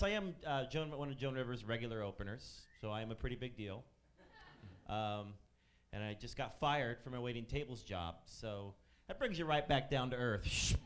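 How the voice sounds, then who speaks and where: A man's voice: medium pitch, a little hiss or hum. Stand-up comic, male, 30s, sardonic and profane, mid-range voice. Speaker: stand-up comedian. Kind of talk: stand-up set. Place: comedy club stage.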